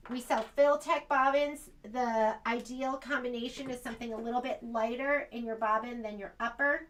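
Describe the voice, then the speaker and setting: A woman's voice: on the high side, fairly even intonation, normal speed, a bit bright. An American woman demonstrating machine embroidery in a sewing shop, chatting casually and thinking aloud as she works.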